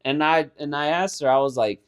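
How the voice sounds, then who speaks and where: A man's voice: on the high side, fairly quick. A man co-hosting a podcast in casual chat, laughing a lot, swearing and saying "bro" as he tells a story. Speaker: podcast co-host.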